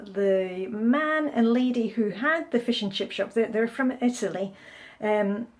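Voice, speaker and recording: A woman's voice: fairly high pitch, expressive, a little slow. A middle-aged Scottish woman chatting casually in a travel vlog, with lots of fillers and restarts as she talks to the camera. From Scotland. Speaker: vlogger. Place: restaurant and streets, indoors and out. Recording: noisy background.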